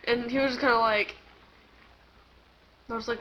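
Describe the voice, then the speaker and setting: A teenage girl joining her friend's video chat, teasing and adding quick asides. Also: a little high, steady tone, a bit bright, muffled recording, slight background noise. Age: teens. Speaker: co-host friend. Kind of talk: casual chat.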